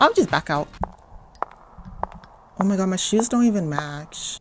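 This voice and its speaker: A woman's voice: on the low side, very animated, moderate pace. A young woman giving casual, profane, sarcastic commentary as she plays a video game. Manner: profane, sarcastic, trash-talking. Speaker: gaming vlogger. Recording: music playing behind voice.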